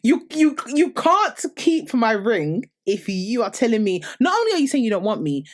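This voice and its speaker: A woman's voice: on the high side, big pitch swings, normal speed. A woman from London with a London accent, co-hosting a casual chat show and giving blunt, playful takes. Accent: London English. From London, England. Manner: blunt, playful, talks back to the stories. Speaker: podcast co-host.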